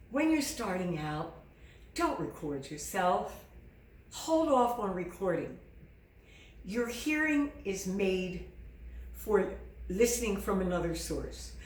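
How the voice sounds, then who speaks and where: A woman's voice: medium pitch, roomy sound, recorded from a distance. A middle-aged woman singing teacher giving earnest, encouraging advice to beginners and acting out their self-doubt. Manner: earnest, encouraging, acts out students' inner doubts. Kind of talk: direct-to-camera teaching.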